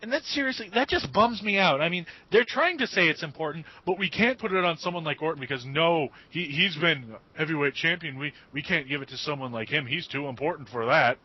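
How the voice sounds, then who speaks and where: Lively, exasperated man griping on a podcast. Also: fairly high pitch, fairly quick, hardly any pauses. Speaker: podcast co-host. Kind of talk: casual chat. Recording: dull, dry lo-fi audio.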